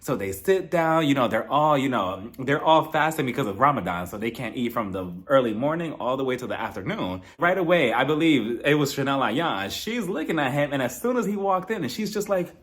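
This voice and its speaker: Gossipy man with a lively voice. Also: mid-range voice, fairly quick, hardly any pauses. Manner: chatty and gossipy, acting out quotes in playful voices. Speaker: reality TV recap host. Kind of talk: casual episode review commentary.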